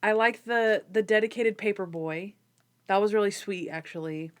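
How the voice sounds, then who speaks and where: A woman hosting a podcast in relaxed conversation. She talks in a casual, animated way and slips into playful voices when she retells scenes. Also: medium pitch, moderate pace, clear, resonant tone. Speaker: podcast host. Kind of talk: casual chat.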